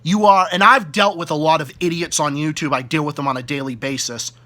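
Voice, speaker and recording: A man's voice: a little high, fairly even intonation, fairly quick, pushed and bright. Furious Boston-accented man ranting. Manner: furious, profane, repetitive insults. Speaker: YouTube ranter. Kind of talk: angry direct-to-camera rant.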